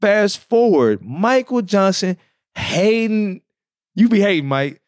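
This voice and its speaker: A man's voice: high-pitched, big pitch swings, takes it slowly, no room sound, studio quality. A man co-hosting a podcast, teasing and slangy, laughing a lot as he chats. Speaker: podcast co-host. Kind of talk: casual chat.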